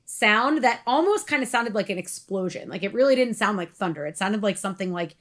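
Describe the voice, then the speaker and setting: A woman's voice: mid-range voice, expressive, fairly quick, fairly bright tone. A young woman co-hosting a podcast, chatting casually with lots of "like" and frequent laughter. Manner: rambling, heavy use of "like", laughs often. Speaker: podcast co-host. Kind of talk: casual chat.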